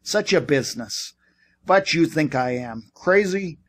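A man voicing an excitable male art dealer with a heavy put-on Yiddish accent, sputtering and haggling. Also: on the high side, measured pace. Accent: Yiddish-accented English, put on.

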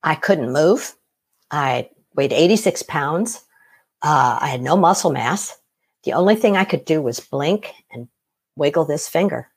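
A middle-aged woman telling her own story as an interview guest, animated, laughing often and acting out what others said. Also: sits low, a little slow, husky. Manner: animated, laughs often, acts out quoted voices. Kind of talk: personal story in conversation.

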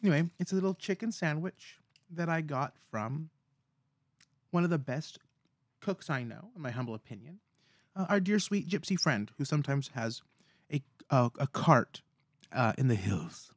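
A man's voice: on the high side, expressive, moderate pace, no room sound, studio quality. A man chatting casually to camera, telling a rambling story in a playful, theatrical way and mocking himself as he goes. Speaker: food vlogger.

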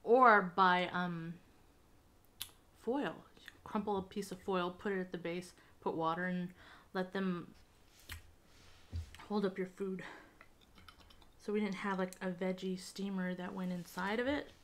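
A woman chatting casually to viewers in a food taste-test vlog, expressive and talkative. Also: lowish voice, measured pace, long pauses. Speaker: food vlogger.

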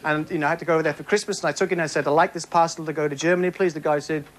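A man's voice: a little high, fairly even intonation, rapid-fire. A man telling rambling jokes in a stand-up routine on a comedy club stage. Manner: rambling, self-interrupting joke telling. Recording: noisy live club recording.

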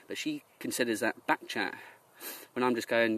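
A man's voice: medium pitch, steady tone, brisk, a bit bright, slight background noise. A young man from Jersey ranting in a vlog, rambling and exasperated, often mimicking the people he complains about. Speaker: vlogger.

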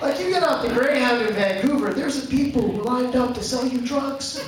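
High-voiced Canadian stand-up comedian in a club. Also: male voice, normal speed. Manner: deadpan storytelling with acted quotes. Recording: echoey club, distant mic, audience noise. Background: audience laughter.

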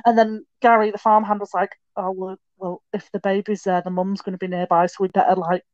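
A woman's voice: mid-range voice, level tone, a little mellow, no echo, lo-fi sound. Chatty young woman, dry sound. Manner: chatty storyteller, quick asides and restarts. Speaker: podcast guest. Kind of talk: casual chat.

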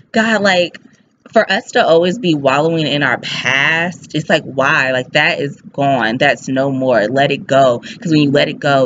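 Excited fast-talking woman sharing faith. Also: low-pitched. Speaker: faith vlogger. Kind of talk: casual devotional talk. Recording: slightly dull with faint hiss.

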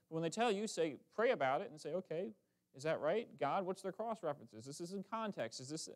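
Lively conversational preacher, a bit high. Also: male voice. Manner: lively, conversational preaching with quick asides and self-corrections. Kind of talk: sermon. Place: church sanctuary.

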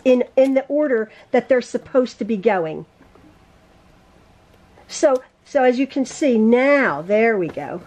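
A woman teaching a quilting lesson in her home sewing room, chatty and quick to laugh at and correct her own mistakes. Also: sits high, noisy background. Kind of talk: casual sewing tutorial.

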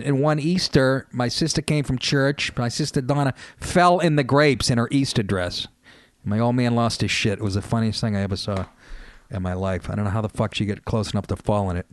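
A man hosting a radio show, telling family stories in a loose, profane, animated comedic monologue. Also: medium pitch, dry recording, clean studio sound. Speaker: radio host.

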